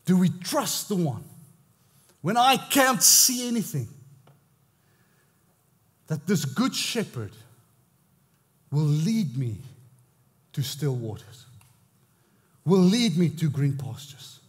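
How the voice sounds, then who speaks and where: A male pastor with an Australian accent preaching a sermon, swinging between loud exclamations and hushed, intense moments. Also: on the high side, big pitch swings, slow pace, long pauses.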